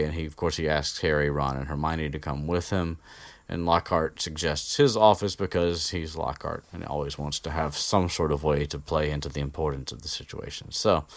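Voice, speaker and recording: A man's voice: very deep voice, no room sound. A man chatting casually as a podcast host recapping a book chapter, rambling with many fillers and restarts, swearing now and then. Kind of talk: casual unscripted chat. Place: indoor room with an air conditioner.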